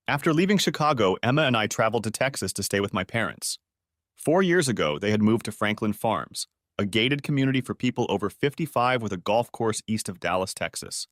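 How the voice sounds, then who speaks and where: A man reading a first-person story aloud as an audiobook narrator. His delivery is lively, with a wide pitch swing, and the recording is dry and close with no room sound. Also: no room sound.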